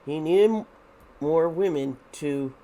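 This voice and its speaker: A woman's voice: low-pitched, slow pace, mellow, a little hiss or hum. A woman hosting a casual tarot reading, thinking aloud with many restarts and sounding a bit nervous. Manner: nervous, uneasy. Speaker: tarot reader and video host.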